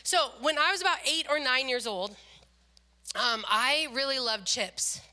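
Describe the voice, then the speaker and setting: Middle-aged woman preacher; bright, forward tone, expressive sermon storytelling. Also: high voice, a little slow.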